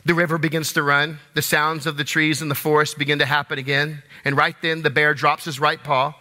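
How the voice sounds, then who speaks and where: A male pastor preaching in a jokey, conversational, animated manner to a live congregation in a large church, through a stage microphone. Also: fairly high pitch, brisk. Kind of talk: sermon. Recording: reverberant live church hall.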